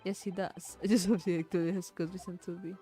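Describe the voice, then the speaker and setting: A woman's voice: on the low side, level tone, quick pace, dark tone, faint music behind, lightly acted. An Indonesian-accented woman voicing a courteous young female judicial assistant. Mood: polite.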